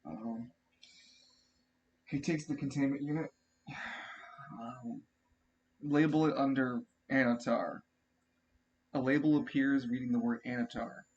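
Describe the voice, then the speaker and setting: A man narrating as game master in a tabletop role-playing game, casual, quick to swear and restart his sentences. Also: mid-range voice, fairly even intonation, darkish tone, dull audio, a little hiss or hum.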